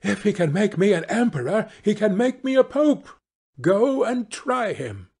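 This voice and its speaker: A greedy, domineering wife from a storybook, pitched high and swinging wildly as she makes her demands, voiced by a man. The voice is breathy and husky, and the words come slowly. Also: very animated, a little mellow, full character voice. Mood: demanding. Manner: shrill, insistent, imperious. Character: greedy, domineering wife who wants more power.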